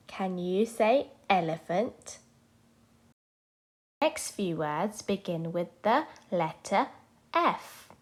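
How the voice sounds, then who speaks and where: A woman teaches young children their letters. She talks slowly, with a lively voice that rises and falls, and she stretches each letter sound so the little ones can repeat it. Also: mid-range voice. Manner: slow, sing-song, sounding out letters for children. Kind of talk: children's phonics lesson.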